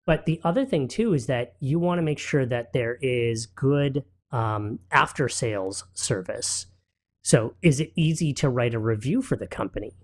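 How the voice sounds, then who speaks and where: Male entrepreneur guest, medium pitch, easygoing storyteller, lots of ums. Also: moderate pace. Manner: relaxed storyteller, many fillers. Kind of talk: casual studio interview.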